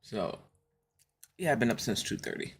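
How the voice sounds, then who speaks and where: A woman's voice: rumbling low, expressive, moderate pace. A woman streaming a game, chatting casually with her viewers, laughing often and telling stories from home.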